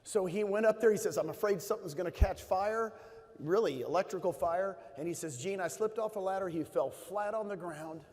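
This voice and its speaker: A middle-aged man with a slightly high voice tells stories from a conference stage. He speaks with emphasis and repeats his key phrases. A long hall reverb trails behind his words. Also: a little fast, darkish tone. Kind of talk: motivational stage talk.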